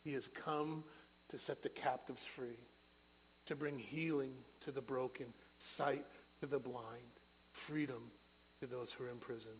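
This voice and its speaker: A middle-aged man preaching a sermon to a church, building to loud, rising peaks and then dropping to quiet, low prayer. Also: steady tone, a little slow, a little hiss or hum, poor audio.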